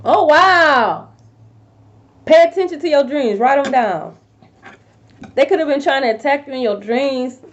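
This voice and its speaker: Tarot reader, woman, high voice, blunt and swearing, dull lo-fi audio. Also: lively intonation, unhurried, pauses often. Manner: blunt, profane, with sudden loud outbursts. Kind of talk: casual tarot reading to viewers.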